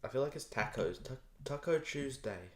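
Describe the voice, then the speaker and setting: A man's voice: medium pitch, brisk. A man chatting casually on a live stream while he draws, rambling and poking fun at himself. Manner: rambling, self-mocking, repeats words playfully. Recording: echoey room, faint noise.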